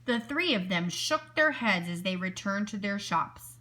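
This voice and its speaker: A woman teacher reading a children's picture book aloud, expressive and stopping to ask her listeners questions. Her voice is bright and clear, and her pitch rises and falls with lively swings. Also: measured pace.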